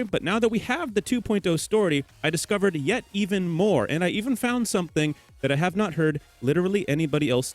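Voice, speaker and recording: A young man who hosts a gaming theory channel, talking casually over game footage in a teasing, rambling way and correcting himself as he goes. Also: a little high. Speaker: gaming theory video host.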